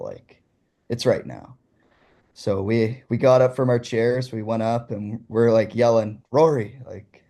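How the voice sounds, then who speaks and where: A young man from Ontario, Canada, a guest telling his story with excitement and laughing as he goes. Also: lowish voice. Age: young adult. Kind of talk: casual storytelling.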